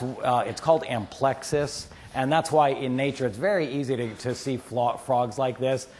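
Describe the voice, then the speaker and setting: Animated man giving a biology lecture. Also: mid-range voice, slight background noise. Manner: animated storyteller, quotes friends in asides. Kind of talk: lively lecture with anecdotes. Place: lecture hall.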